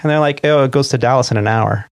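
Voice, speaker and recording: A middle-aged airline pilot who co-hosts a podcast tells a story casually, acting out the quoted dialogue in an animated retelling. His mid-range voice moves at a quick pace with vocal fry, on a dry recording.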